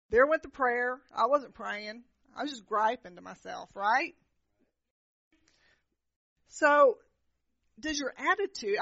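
A woman minister preaching a sermon, telling personal stories in an animated way and often asking the crowd "right?". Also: high voice, no room sound. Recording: dull lo-fi, dry sound.

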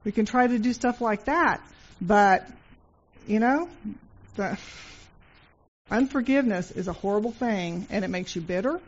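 A woman's voice: medium pitch, unhurried, pauses often, breathy edge. Woman, earnest devotional speaker, storytelling style, slightly muffled lo-fi recording. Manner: earnest storytelling, repeats phrases. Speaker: Christian speaker. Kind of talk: informal devotional talk.

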